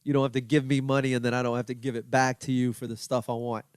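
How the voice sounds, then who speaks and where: A middle-aged man, a comedian hosting his own podcast, rambling through a self-deprecating story and acting out his own past yelling. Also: mid-range voice, little pitch movement, quick pace, smooth, no room sound, clean studio sound. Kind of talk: casual storytelling monologue.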